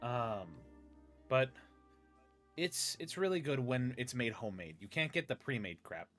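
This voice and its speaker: A giggly man hosts a loose, casual chat, reading recipes aloud in a voice of ordinary pitch. He keeps breaking into laughter, and soft music plays faintly behind him. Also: animated, a little slow. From United States. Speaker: podcast host.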